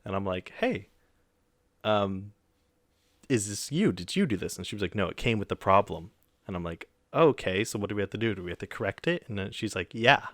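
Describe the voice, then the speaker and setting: A young podcast co-host with a lowish voice talks a little fast, recorded dry with clean studio sound. He casually retells a story in an animated way, acting out the voices of the people he quotes and swearing mildly.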